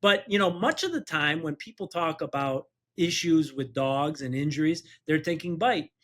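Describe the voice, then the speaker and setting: Guy with a higherish voice telling a lawyer war story on a podcast, keeps laughing and doing the other people's voices. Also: lively intonation, normal speed, a bit bright. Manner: chuckles through anecdotes, acts out quoted voices. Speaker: personal injury attorney, podcast co-host.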